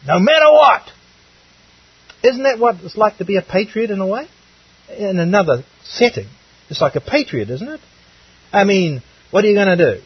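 Animated husky-voiced male preacher. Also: high voice, moderate pace, pauses often, no echo, recorded from a distance, highs cut off. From outside the United States. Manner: animated, rhetorical questions, emphatic. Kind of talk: sermon on a Bible passage.

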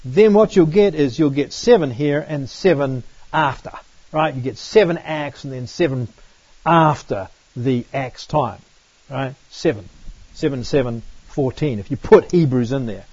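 A man's voice: mid-range voice, measured pace, a little mellow, breathy edge, no room sound, highs cut off. A man giving a Bible study lecture, explaining passages and reading scripture aloud, often checking in with "right?". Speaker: Bible teacher.

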